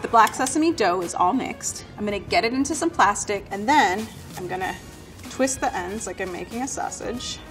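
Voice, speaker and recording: A woman's voice: medium pitch, moderate pace. A woman pastry chef talking step by step through making her dessert. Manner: relaxed, step-by-step explaining. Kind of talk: cooking demonstration talk. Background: background music.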